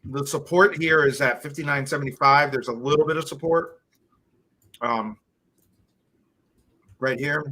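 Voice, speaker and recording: A man's voice: fairly high pitch, steady tone, a little slow, pauses often, bright, forceful tone. A man co-hosting a live trading stream, chatting casually and thinking aloud as he walks through charts, dropping in dude and man. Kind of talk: casual market chat.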